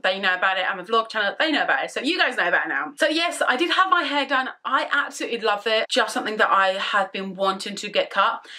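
A young woman vlogging casually from her bedroom, rambling through an excited story. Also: mid-range voice. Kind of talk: casual chatty vlog.

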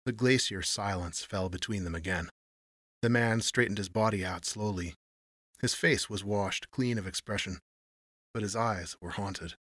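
A man narrating a noir story in a measured storytelling manner. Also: fairly low pitch, fairly bright tone, dry recording, clean studio sound.

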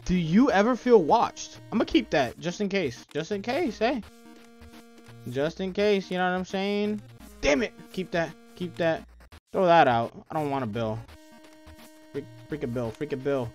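A man's voice: sits high, lively intonation, measured pace, darkish tone, faint music behind. A young man commentating a video game as a YouTuber, jumpy and muttering, repeating phrases under his breath and breaking into startled outbursts. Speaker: gaming YouTuber. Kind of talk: let's play commentary.

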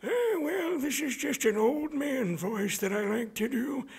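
Guy doing a crotchety old man, slow, creaky, kinda high and thin. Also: expressive, heavily acted. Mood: grumbling. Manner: grumbling, slow, wavering. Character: grumbling old man, out of touch.

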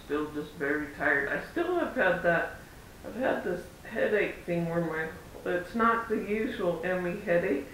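Man, rambling casual vlog chat, bright edgy tone, far from the mic. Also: expressive, a little slow. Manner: chatty, rambling, acts out quoted exchanges. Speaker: parent vlogger. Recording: roomy echo, far from mic, faint rumble.

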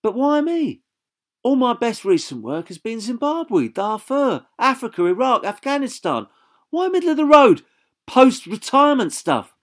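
A woman's voice: fairly low pitch, expressive, fairly quick, voice pushed up. A man voicing a strong-willed woman reporter who argues in a firm tone, in an audiobook. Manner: firm, argumentative.

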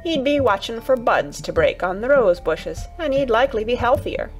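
A woman's voice: on the high side, animated, moderate pace, soft background music, pitched above the performer's own voice, lightly acted. Dickon, a woman doing a farm boy. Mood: earnest. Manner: broad dialect, warm and coaxing. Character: Yorkshire farm boy, gentle and earnest.

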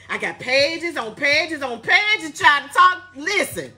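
A woman hosts a live podcast, loud and playful, saying she is tired as she greets viewers by where they are watching from. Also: high-pitched, sing-song, slow pace, few pauses, a little hiss or hum. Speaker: podcast host. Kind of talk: casual live-stream chat.

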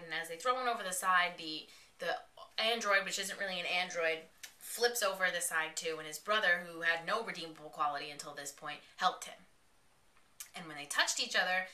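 Animated young woman recapping an episode. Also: lowish voice. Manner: animated, quoting characters in quick bursts, swearing. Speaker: podcast host recapping a TV episode. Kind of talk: casual excited recap. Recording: echoey room.

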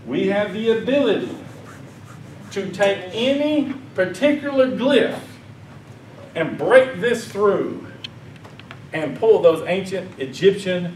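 A man giving a conference lecture. He tells animated stories and acts out quoted voices. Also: high-pitched, recorded from a distance, slight background noise. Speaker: conference speaker. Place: conference hall. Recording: echoey hall, speaker off mic.

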